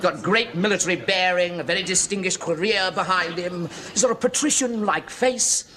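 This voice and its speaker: An actor playing a fussy, effusive amateur theatre director who stammers and repeats himself. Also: male voice, sits high, normal speed, sharp tone. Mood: gushing. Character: fussy, gushing male amateur stage director. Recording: noisy old television sitcom recording.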